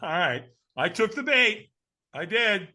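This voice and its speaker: Animated storytelling man, high and lively. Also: takes it slowly. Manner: energetic, emphatic, laughs often. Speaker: guest speaker.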